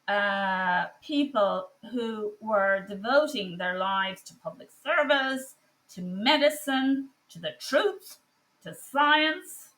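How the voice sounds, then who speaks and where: Slow, emphatic woman physician. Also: a little high, a bit bright. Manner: passionate, slow and emphatic with frequent pauses. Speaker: physician and online course teacher. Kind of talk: personal commentary monologue.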